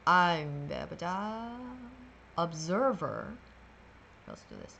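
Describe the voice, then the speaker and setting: A woman's voice: deep voice, big pitch swings, takes it slowly, gravelly, fairly bright tone, dull audio, a little hiss or hum. Sassy, rambling woman host. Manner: sassy, meandering, playful filler sounds. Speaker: meditation livestream host. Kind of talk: casual spiritual card-reading chat.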